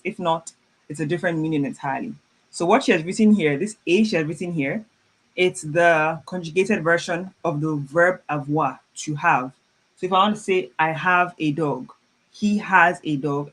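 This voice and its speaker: A chatty teacher leads a live online language class, reading out students' messages and encouraging them. French phrases are repeated slowly and carefully, with frequent easy laughter between corrections. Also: medium pitch, a bit bright, slightly rough. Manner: chatty and informal, laughs often.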